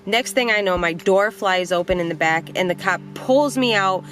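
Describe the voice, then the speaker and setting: A young woman tells a story from her own life on her vlog, in a voice of middling pitch. She talks plainly and bluntly and swears without a second thought. Faint music plays behind her. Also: normal speed. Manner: animated, blunt, swears freely. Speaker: vlogger.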